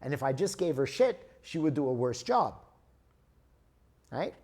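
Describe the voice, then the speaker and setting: A man's voice: fairly high pitch, very animated, measured pace, a little mellow, husky. A man giving a lecture, telling stories from his business life and often checking that listeners follow. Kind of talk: teaching a lecture with personal stories.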